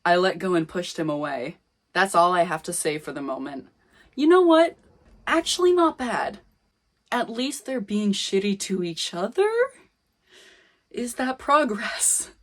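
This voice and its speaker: A woman's voice: medium pitch, animated, unhurried, long pauses. A young woman casually reading her old fan fiction aloud with wry, self-mocking commentary. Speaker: reader of her old fanfiction.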